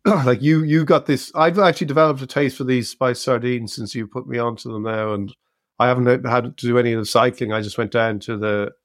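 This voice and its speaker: A middle-aged Irish man co-hosting a chat podcast, relaxed and meandering with plenty of fillers. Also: medium pitch, no room sound, clean studio sound. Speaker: podcast co-host. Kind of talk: casual chat.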